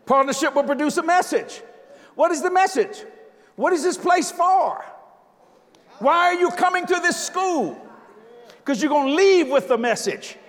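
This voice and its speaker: An older man preaching a sermon, emphatic and joking, now and then breaking into shouts. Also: very high voice, expressive, unhurried, long pauses. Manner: emphatic, jokey preaching with sudden shouted lines. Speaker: visiting preacher. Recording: long hall reverb.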